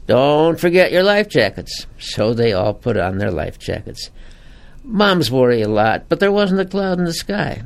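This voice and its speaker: A man, a priest, giving a homily in a folksy, animated storytelling manner. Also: mid-range voice, creaky.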